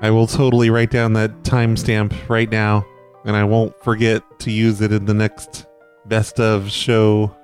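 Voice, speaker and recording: A man's voice: lowish voice, completely flat delivery, a little slow, darkish tone, soft background music. A man hosting a podcast, chatting casually and wryly about his listeners' voicemails, often joking at his own expense. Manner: wry, self-deprecating, joking. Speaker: podcast host. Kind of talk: casual chat reacting to voicemails.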